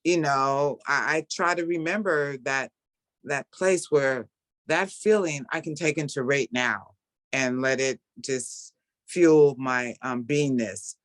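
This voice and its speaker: A middle-aged woman hosting a casual video call chat, speaking warmly about a spiritual practice and laughing often. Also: extremely low pitch, takes it slowly, no room sound. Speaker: host.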